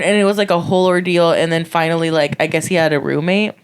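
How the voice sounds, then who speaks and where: A woman in her twenties co-hosting a podcast, telling a story casually, swearing freely and acting out quotes in a high voice. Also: fairly even intonation, fast, few pauses, clear, resonant tone. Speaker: podcast co-host.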